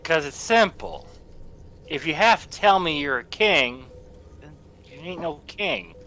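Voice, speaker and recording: A nonchalant male mercenary, voiced by a man in a tabletop game, dry and unbothered. His voice is bright and tense, sitting a little high, and his pitch moves lively. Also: a little slow, slight background noise, full character voice.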